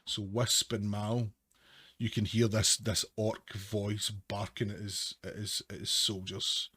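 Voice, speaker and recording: Low-voiced man running a tabletop game. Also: flat delivery, slow pace, sharp tone, slightly rough, no echo. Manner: loose descriptive narration, hedging words like "sort of". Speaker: game master.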